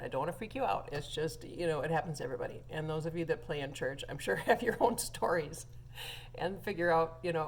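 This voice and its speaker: A woman's voice: sits low, vocal fry, slight background noise. A woman who plays organ in church, telling a funny story in a chatty way with lots of fillers and laughs. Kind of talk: casual anecdote to viewers.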